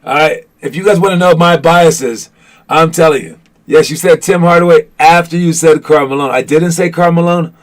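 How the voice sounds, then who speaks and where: A man's voice: a little high, fairly even intonation, moderate pace. A man hosting a casual basketball podcast, joking and teasing his chat with lots of restarts. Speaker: podcast host. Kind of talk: casual live-stream chat.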